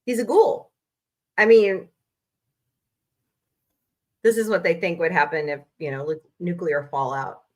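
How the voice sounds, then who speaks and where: A woman hosting a casual livestream from home, chatty and animated, reacting with quick outbursts. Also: on the low side. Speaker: livestream host.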